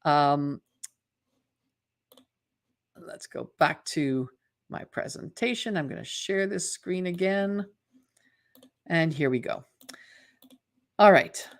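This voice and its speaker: A woman coaching on a live webinar, lively and chatty, often checking in with her audience. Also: low voice, slow, pauses often. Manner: lively, acts out imagined inner voices in quotes; chatty, asks the audience "right?". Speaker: mental fitness coach hosting a webinar.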